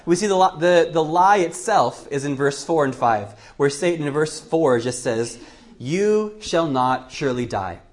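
A male preacher giving a Bible teaching sermon, thinking aloud with frequent restarts. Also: on the high side. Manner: thoughtful, with frequent restarts and fillers.

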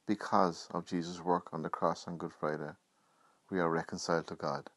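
A man preaching a Good Friday sermon, reading scripture in an earnest, measured way. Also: low voice, fairly even intonation, a bit bright, dry recording.

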